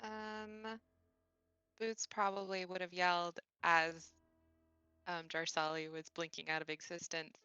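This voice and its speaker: Female player, unhurried, bright tone, giggly and rambling. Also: lowish voice, clean tone, no echo, faint music behind. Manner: giggly, meandering. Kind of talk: playing a character in a tabletop game.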